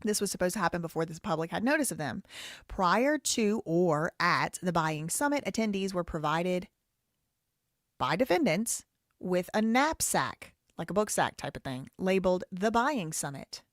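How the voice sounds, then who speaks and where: A woman's voice: on the low side, very animated, moderate pace, no room sound, studio quality. Wry woman host reading a lawsuit. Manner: rambling, with frequent asides and self-corrections. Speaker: live show host. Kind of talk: casual commentary reading a lawsuit aloud.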